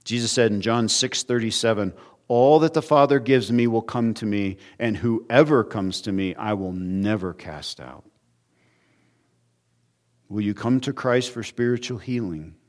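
A man preaching an expository sermon, earnest, his voice rising and quickening when he acts out quoted speakers. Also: lowish voice. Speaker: pastor.

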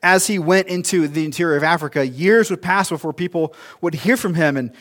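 A man's voice: fairly high pitch, a little fast, a bit bright. Man preaching a conversational sermon. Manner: conversational, storytelling with restarts and asides. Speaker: pastor.

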